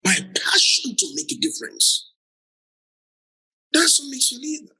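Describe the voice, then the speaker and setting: A man's voice: very high voice, very animated, a little slow, bright, forceful tone, rough recording. A man preaching a sermon who laughs often and repeats phrases for emphasis, with a Nigerian accent. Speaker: pastor.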